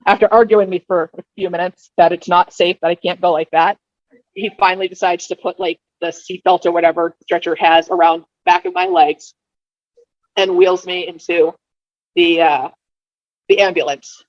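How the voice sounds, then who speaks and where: A woman in her thirties, a podcast guest telling her birth story casually, with lively delivery and quick repeated words. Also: on the low side, no room sound. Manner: animated, repeats words when rushing, acts out quoted dialogue. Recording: dull lo-fi dry sound.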